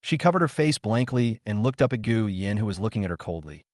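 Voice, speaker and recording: Lively-voiced man narrating a comic recap. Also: fairly low pitch, fast, dry recording, studio quality. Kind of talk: scripted narration.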